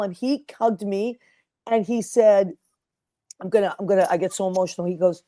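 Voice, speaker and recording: A woman hosting a casual interview show, with a mid-pitched voice on a dry, close recording. She tells heartfelt stories with feeling and acts out the people in them. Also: steady tone, moderate pace, dark tone, no echo. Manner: emotional storyteller, acts out quotes. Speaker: podcast host.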